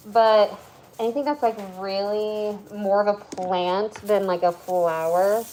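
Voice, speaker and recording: A woman's voice: medium pitch, steady tone, a little slow, mellow, a little hiss or hum, rough recording. A woman with a Tennessee accent, hosting a live stream and chatting casually as she works. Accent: Southern US, Tennessee. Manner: chatty, lots of "like" and asides. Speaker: live-stream host, flower preserver. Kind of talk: casual chat while working.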